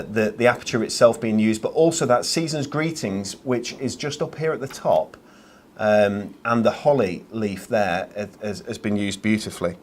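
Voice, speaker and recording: A man hosting a live craft shopping show, chatty and self-deprecating, with plenty of ums. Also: lowish voice. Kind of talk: live shopping-channel presenting.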